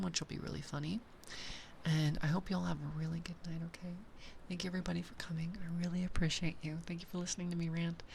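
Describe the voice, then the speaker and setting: Excitable gravelly young woman streamer. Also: lowish voice, a little hiss or hum. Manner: excitable, rambling, giggly. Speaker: VTuber streamer. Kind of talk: casual stream chat.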